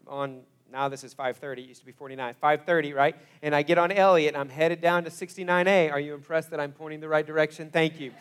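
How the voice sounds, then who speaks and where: High-voiced, animated male preacher. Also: clean tone. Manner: animated storytelling, swinging from hushed to loud exclamations. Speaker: pastor. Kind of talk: sermon.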